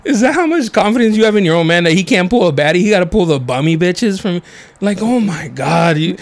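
A man's voice: sits high, animated, fairly quick. A young man co-hosting a podcast, casual and joking, laughing often and swearing freely. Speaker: podcast co-host. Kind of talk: casual chat.

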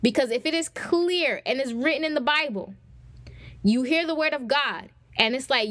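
Young woman podcast host, higher voice, casual faith teaching with a direct "y'all" delivery, close dry mic. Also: moderate pace, fairly bright tone, no room sound. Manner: conversational preaching, addresses listeners as y'all. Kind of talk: faith-based teaching talk.

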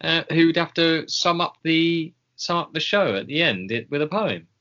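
Guy cohosting a chatty podcast, bright lively voice, lots of ums, kinda muffled lo-fi audio. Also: on the high side, normal speed. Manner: rambling, hesitant with many ums, chuckling. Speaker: podcast co-host. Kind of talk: casual chat. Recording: dull lo-fi recording.

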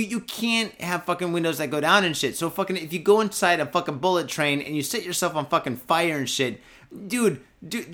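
A man's voice: fairly high pitch, a bit bright. Tipsy foul-mouthed man ranting. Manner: foul-mouthed, ranting, keeps swearing and repeating himself. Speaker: podcast host. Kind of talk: profane comedic news rant.

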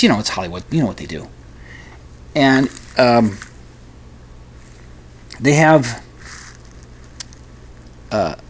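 A man casually reviewing a film, rambling and skeptical, trailing off often. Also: medium pitch. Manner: rambling, skeptical, many fillers and restarts.

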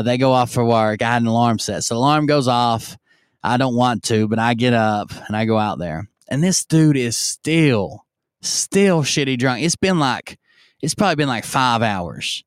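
A man's voice: medium pitch, clean tone, no echo, clean studio sound. A man casually telling a long, profane story on stream, rambling and acting out the lines of the people in it. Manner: rambling and profane, acts out yelled quotes.

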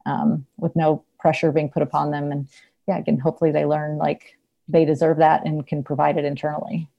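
A woman's voice: low-pitched, level tone, fairly quick, vocal fry, dull audio. A woman who is a therapist, talking casually in an interview, chatty with frequent laughter and lots of fillers. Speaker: therapist, podcast guest.

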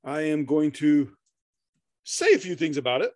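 A man's voice: on the high side, very animated, moderate pace, darkish tone, no room sound, studio quality. A middle-aged man co-hosting a podcast in casual chat, rambling, swearing freely, laughing often and stammering through restarts. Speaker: podcast co-host.

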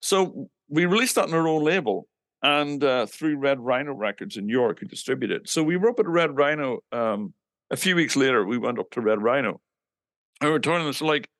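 An English musician casually recounts his band's history in anecdotes, animatedly acting out quoted dialogue and swearing now and then. His mid-range voice is animated, brisk and fairly bright, in studio quality with no echo.

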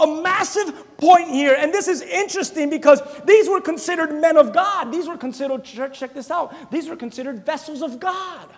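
A man preaching a sermon to his church, animated and joking, shouting words for emphasis. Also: very high-pitched. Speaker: pastor. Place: church sanctuary. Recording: long reverb of a church hall.

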